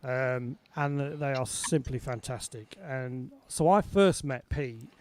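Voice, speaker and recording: Taking things slowly in a medium-pitched voice, a British man runs a music show by video call as a casual livestream. He's chatty and quick to laugh, warmly saying hello to his viewers.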